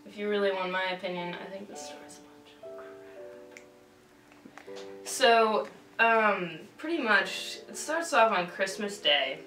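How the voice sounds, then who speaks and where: A woman's voice: mid-range voice, animated, takes it slowly, long pauses, bright, forceful tone, recorded from a distance. A young woman retelling an old tale in slangy, rambling casual chat, full of fillers and restarts. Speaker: drunk storyteller. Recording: roomy, from off-mic, faint music.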